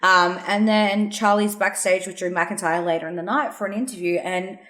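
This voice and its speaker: A woman co-hosting a casual podcast over a call, retelling events with animated quoted voices and frequent laughs. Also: medium pitch, moderate pace, roomy sound. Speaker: podcast co-host. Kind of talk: casual chat recapping wrestling. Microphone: remote call mic.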